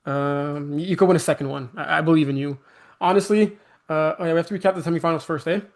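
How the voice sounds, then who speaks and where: Brief: male co-host, gravelly, higher-pitched voice, easygoing and jokey league recap. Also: fairly even intonation, quick pace. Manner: laughs often, teasing. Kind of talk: casual sports league chat.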